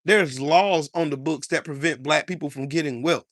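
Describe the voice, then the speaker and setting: A man's voice: fairly high pitch, moderate pace, fairly bright tone, no echo, studio quality. An American man delivering heated political commentary in an angry, profane, repetitive rant.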